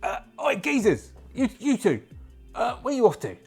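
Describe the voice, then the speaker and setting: A man's voice: very high voice, wildly swooping pitch, normal speed, creaky, a little mellow, husky, soft background music, pitched above the performer's own voice, full character voice. A man voicing a pushy, streetwise male soldier who needles and leans on people in a blunt, slangy way. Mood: needling.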